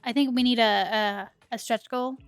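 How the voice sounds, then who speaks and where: Chatty high-voiced woman streamer. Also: fairly even intonation, normal speed, clear, resonant tone, no room sound. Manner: chatty, amused, reads game text aloud. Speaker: game streamer. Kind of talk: casual let's-play commentary. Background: faint lo-fi music.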